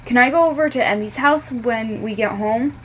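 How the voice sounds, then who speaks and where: A woman's voice: a little high, normal speed, a bit bright, slight background noise, voice pushed up, close to an everyday voice, rough recording. Johnny: woman voicing a scheming storybook schoolboy, eager, a bit sneaky.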